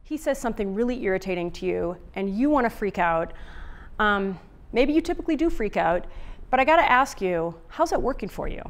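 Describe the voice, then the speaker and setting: A woman's voice: mid-range voice, animated, fairly quick. Chatty woman giving a relationship talk. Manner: chatty, many fillers and restarts. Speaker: relationship author and speaker. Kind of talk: summit talk, casual and conversational.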